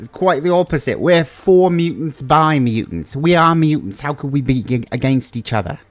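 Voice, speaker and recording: A man's voice: fairly high pitch, expressive, moderate pace, no room sound, voice pushed up, lightly acted. A man voicing a chirpy male fire mutant in a put-on Australian accent.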